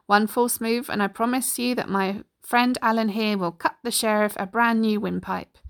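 A woman's voice: a little high, fairly even intonation, moderate pace, vocal fry. Robin Hood, as a woman reader voices him. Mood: teasing. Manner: confident, teasing. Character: bold, cheerful male outlaw hero.

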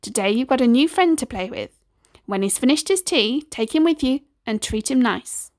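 A woman voicing a warm, easygoing mother of a big household in a storybook reading. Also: on the high side, expressive, moderate pace, no room sound, studio quality. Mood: cheerful. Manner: kindly, homely, unbothered.

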